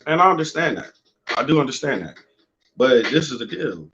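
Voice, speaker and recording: A man's voice: mid-range voice, very animated, fairly quick. A young man hosting a casual, unedited podcast from home on earphones, talking loosely and with lots of swearing. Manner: loose, profane, rambling. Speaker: podcast host. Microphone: earphones headset. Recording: dull lo-fi home recording.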